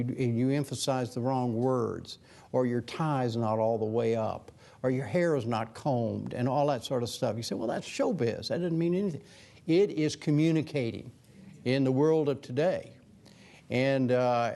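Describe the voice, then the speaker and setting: Older male guest speaker, gravelly, chatty and discursive with animated asides. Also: mid-range voice. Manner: conversational, many restarts and fillers, animated quotes. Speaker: guest author, former news anchor. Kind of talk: lecture Q&A talk.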